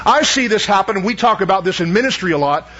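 A man's voice: high-pitched, lively intonation, fast talker, fairly bright tone, slightly rough, highs cut off. A man preaching a sermon as pastor, in a conversational way that keeps calling out questions to the congregation.

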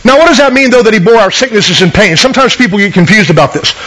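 A man with a high voice preaches a sermon, earnestly teaching and reading scripture aloud. He keeps turning to his listeners with questions. The recording has a radio broadcast sound. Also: animated, quick pace, pushed and bright, rough recording.

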